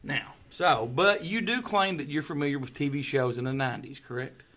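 A man's voice: fairly high pitch, a little fast, sharp tone. A man hosting a casual podcast chat, playful and quizzing his co-host.

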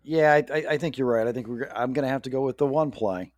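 A man's voice: medium pitch, quick pace, darkish tone, no echo, clean studio sound. A man co-hosting a casual chat, easygoing, asking playful questions and laughing often. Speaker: podcast co-host.

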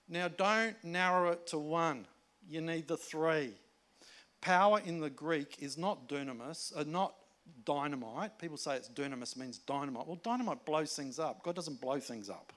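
A man preaching a sermon in a conversational way, moving between emphatic points and hushed asides. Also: a little high, a little slow. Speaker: pastor.

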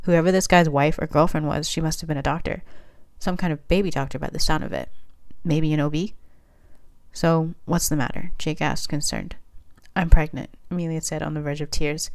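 Woman narrator, low register, steady plain storybook reading. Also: brisk, creaky. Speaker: fanfiction reader.

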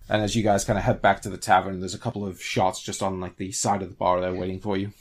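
A man narrating as game master in a tabletop role-playing game, relaxed and a little hesitant. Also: low voice, fast talker, hardly any pauses.

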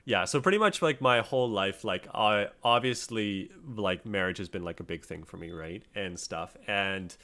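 A man's voice: fairly low pitch, moderate pace, hardly any pauses, bright, forceful tone. A young man co-hosting a podcast, chatting casually and telling a rambling story full of fillers. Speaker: podcast co-host.

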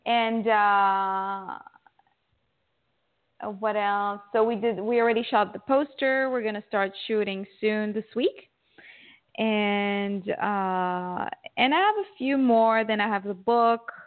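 A woman's voice: mid-range voice, slow pace. A woman speaking as a guest in a casual interview, chatty and full of "like" and "you know". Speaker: guest actress. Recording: tinny phone line.

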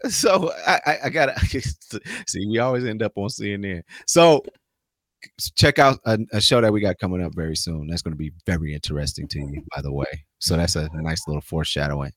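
Lively, animated male podcast co-host. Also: deep voice, fairly quick, no room sound, clean studio sound. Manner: loose and joking, laughs often. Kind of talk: casual sports chat.

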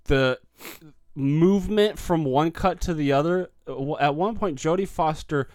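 A man's voice: a little high, a little slow, a little mellow, dry recording, studio quality. A man co-hosting a movie podcast, talking casually with a wry, teasing manner. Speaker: podcast co-host. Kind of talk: casual movie review chat.

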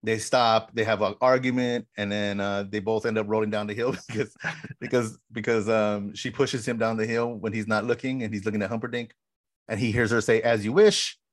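Animated, low-pitched man retelling a film. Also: fairly quick, dry recording, studio quality. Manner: animated storyteller, says "bro" often. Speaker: podcast co-host. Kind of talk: casual chat, retelling a film.

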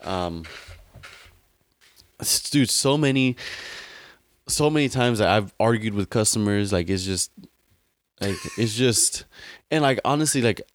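A man's voice: on the low side, expressive, a little slow, pauses often, dry recording. A young man on a casual podcast, telling a long story in a rambling, slangy way full of fillers. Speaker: podcast co-host. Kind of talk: casual chat.

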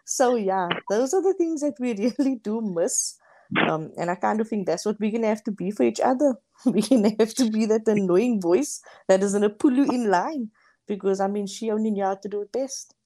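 A woman's voice: mid-range voice, normal speed, poor audio. A South African woman, a guest, telling family stories with laughter. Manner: lively, laughing as she recalls family. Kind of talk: casual storytelling.

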